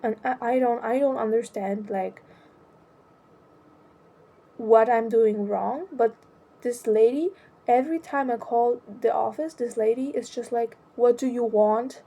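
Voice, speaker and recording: A young adult woman talking about her own life in a hesitant, halting way, often restarting her sentences. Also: fairly high pitch, vocal fry, mellow. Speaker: vlogger. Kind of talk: personal confessional monologue.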